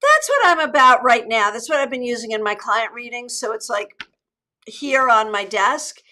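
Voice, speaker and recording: Middle-aged woman, live-stream tarot host; bright, forceful voice, chatty and cheerful, restarts sentences. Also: fairly high pitch, big pitch swings, moderate pace. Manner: chatty, upbeat, with frequent restarts. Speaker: tarot reader and channel host.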